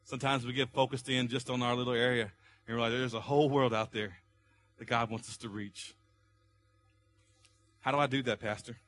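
A man preaching a sermon as pastor, building to loud, impassioned pleas and easing back to a calmer teaching tone. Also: mid-range voice, fairly quick, long pauses.

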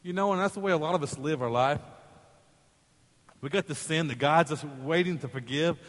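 A male pastor preaching a sermon in a church, telling a story in an animated way and acting out its voices. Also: on the high side, brisk, big-room sound. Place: church sanctuary.

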